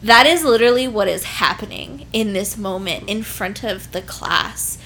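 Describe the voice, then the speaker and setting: A woman's voice: mid-range voice, lively intonation, moderate pace, sharp tone, slight background noise. A pregnant young woman telling an embarrassing story in casual chat, laughing often and swearing freely.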